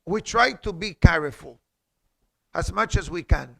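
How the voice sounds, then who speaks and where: A man's voice: high voice, animated, a little slow, gravelly. A man giving a class as a rabbi in a synagogue, teaching in an emphatic way, quoting Hebrew and asking rhetorical questions. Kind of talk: halakha class.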